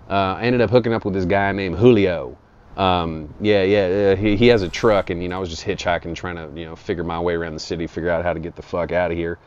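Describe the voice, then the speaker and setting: A man with a very low voice spins a rambling, foul-mouthed comic tale in an improvised monologue. The recording sounds dull and lo-fi. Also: darkish tone, smooth. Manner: crude, profane, rambling. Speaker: storyteller. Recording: dull lo-fi audio.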